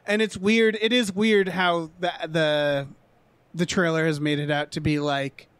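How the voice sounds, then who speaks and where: A man's voice: a little high, fairly even intonation, measured pace, a bit bright, clean tone, no echo. A man co-hosting a podcast, chatting casually about film trailers in a rambling, jokey way with some swearing. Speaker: podcast co-host.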